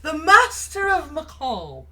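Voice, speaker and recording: A woman's voice: sits high, wildly swooping pitch, slow pace, sharp tone. A middle-aged woman co-hosting a casual chat show, talking chattily and laughing often. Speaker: co-host.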